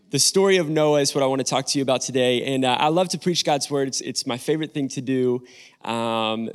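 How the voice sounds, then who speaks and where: A young man preaching as a guest pastor, chatty and joking with the congregation before his sermon, speaking on a stage mic in a church. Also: medium pitch. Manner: friendly joking banter with congregation. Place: church sanctuary.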